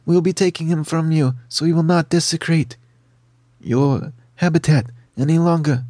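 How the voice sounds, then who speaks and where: A man's voice: fairly high pitch, steady tone, moderate pace, warm tone, dry recording, studio quality, natural voice. A man voicing a pompous, formal Snurbervlin creature in a tabletop fantasy game. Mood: prim formal.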